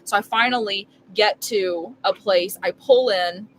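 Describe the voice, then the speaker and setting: A woman's voice: mid-range voice, a little slow, fairly bright tone, slight background noise, poor audio. A young woman streaming live from her RV while making dinner, telling a long story in a rambling, emphatic way full of filler words. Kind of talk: casual storytelling chat.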